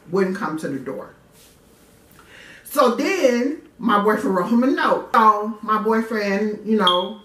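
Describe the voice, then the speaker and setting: A woman from Detroit, a vlogger telling a personal story in a casual first-person way. She is candid and animated and swears freely. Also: medium pitch. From Detroit, USA. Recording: echoey room, mic at a distance.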